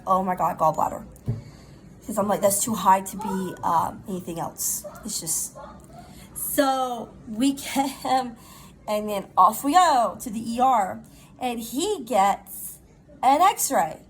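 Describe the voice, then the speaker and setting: A middle-aged woman, chatting casually in a rambling, animated storytime while recovering from pneumonia. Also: medium pitch, slight background noise, rough recording. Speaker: vlogger.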